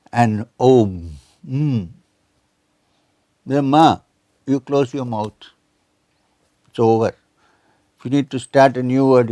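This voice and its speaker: A man's voice: mid-range voice, warm tone, no room sound. Older male lecturer, seventies, quotes verses, questions listeners, dead-dry sound. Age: 70s. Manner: quotes scripture and Sanskrit, asks the audience questions. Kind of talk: spiritual lecture.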